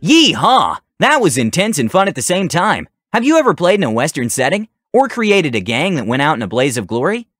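A man narrating a scripted tabletop game story in an animated way, putting on voices for characters. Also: on the high side, brisk, hardly any pauses, no room sound, studio quality.

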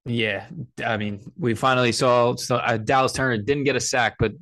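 A man hosting a casual sports podcast, talking in a relaxed, hesitant way with lots of fillers and the odd swear word. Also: mid-range voice, moderate pace, no room sound. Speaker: podcast host.

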